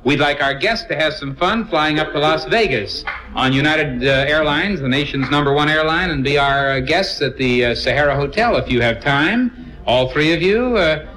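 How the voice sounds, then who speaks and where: A man's voice: fairly high pitch, lively intonation, normal speed, sharp tone, low-quality recording. A man hosting an old radio game show, jovial and chatty with frequent fillers.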